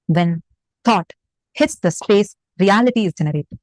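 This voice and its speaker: A woman's voice: mid-range voice, lively intonation, a little slow, darkish tone, no room sound, low-quality recording. A woman with an Indian English accent teaching a spiritual session online, explaining through questions to her listeners.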